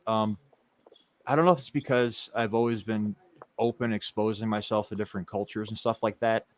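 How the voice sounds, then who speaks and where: A man with a Chicago accent, telling a lively story in casual podcast chat, jokey and animated. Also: fairly low pitch, a little fast, dry recording. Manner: animated storyteller, jokey, switches into a put-on local accent for quotes. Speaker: podcast host.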